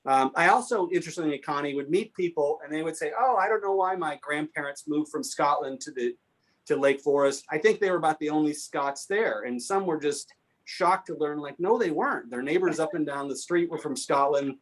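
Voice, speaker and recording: A man's voice: a little high, brisk. A man telling anecdotes at a history talk, answering a question and acting out the people he quotes. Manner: animated, acts out quoted voices. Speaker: guest speaker on local history. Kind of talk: storytelling in a Q&A.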